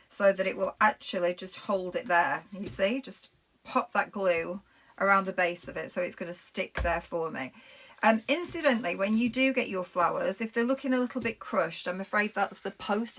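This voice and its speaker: A woman's voice: medium pitch, a bit bright. A middle-aged woman with a Lancashire accent, chatting through a live craft demonstration and talking to viewers as she works. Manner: chatty, rambling, talks to viewers while working with her hands. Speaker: craft presenter.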